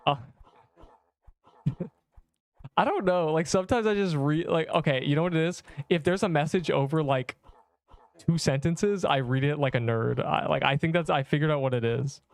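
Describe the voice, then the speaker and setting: A man's voice: on the high side, normal speed, creaky, no echo. A man in his twenties livestreaming a game, chatting casually and rambling as he reads chat messages aloud.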